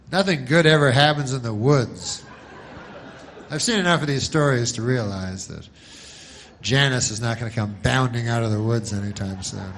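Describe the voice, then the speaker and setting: A man doing a stand-up comedy monologue, deadpan and rambling through long setups. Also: medium pitch, a little slow, pauses often, slight background noise.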